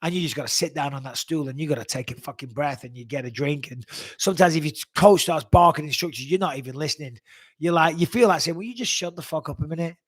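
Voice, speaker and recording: A man hosting a live Q&A, answering viewer questions in a blunt, profane, animated way. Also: on the high side, fast, dry recording. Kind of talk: live Q&A chat.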